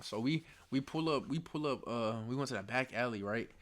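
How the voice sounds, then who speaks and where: A man's voice: mid-range voice, brisk. A young man telling a casual story in slang, laughing often and acting out the dialogue. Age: young adult. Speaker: storyteller vlogger.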